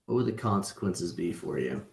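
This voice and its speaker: A man in his thirties, voice low, gravelly, a little mellow, and expressive, teaches a relaxed online class over a video call at a moderate pace. He chats conversationally and caps his points with "right?". There's a roomy echo.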